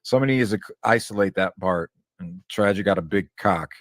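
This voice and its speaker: A man's voice: sits low, brisk, no echo, studio quality. A man chiming in on a live stream, blunt and profane. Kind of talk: casual banter on a live stream.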